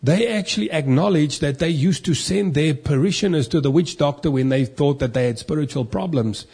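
A man's voice: on the high side, brisk, a little mellow, slightly rough. A male pastor preaching with an emphatic, repetitive cadence. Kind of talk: sermon.

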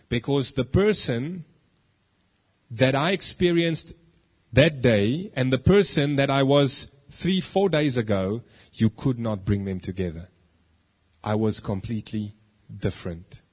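A man, preaching a sermon and telling his own testimony, moving between hushed asides and emphatic declarations. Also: medium pitch, lively intonation, normal speed, long pauses, slightly rough, muffled recording. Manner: storytelling, swings from hushed to emphatic.

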